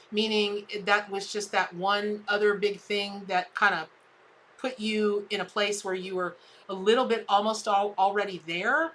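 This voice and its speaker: Middle-aged woman, live tarot reader; bright, chatty voice that jumps high when she gets excited. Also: a little hiss or hum, rough recording. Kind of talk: live-stream tarot reading.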